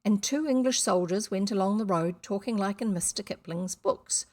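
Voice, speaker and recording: New woman, casual read-aloud of a children's book, chatty asides, mid pitch. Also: normal speed, darkish tone. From New Zealand. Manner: chatty, self-deprecating asides between passages. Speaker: audiobook reader on video. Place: seated indoors reading at camera.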